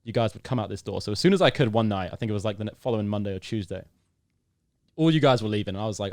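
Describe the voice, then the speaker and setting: A man's voice: fairly low pitch, very fast, no room sound, studio quality. A young British man in his twenties, a podcast guest telling a story in casual conversation and acting out the dialogue. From United Kingdom. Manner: lively storyteller who acts out the dialogue.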